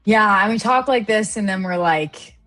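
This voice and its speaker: A woman's voice: mid-range voice, normal speed, a bit bright, soft background music. A woman from Canada telling personal trading stories in a casual, reflective chat. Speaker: trader guest or co-host. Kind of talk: casual live-stream chat.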